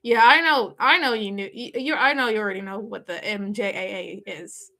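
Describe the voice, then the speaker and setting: A woman chatting casually on a live stream, answering viewer comments in a halting way full of restarts and fillers. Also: mid-range voice, pushed and bright.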